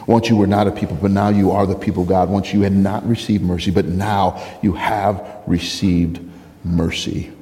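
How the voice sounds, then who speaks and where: A male pastor preaching in a big reverberant hall, his voice lowish and mellow. He tells stories animatedly, laughing and acting out the other voices as he goes. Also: normal speed. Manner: animated storyteller, laughs often, acts out quoted dialogue. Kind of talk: sermon with storytelling.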